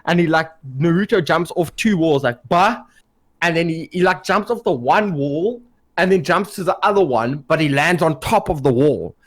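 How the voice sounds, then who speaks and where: A young man co-hosting a podcast, telling stories in a casual, animated way and swearing freely. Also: a little high, normal speed, no room sound. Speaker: podcast co-host. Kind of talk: casual storytelling.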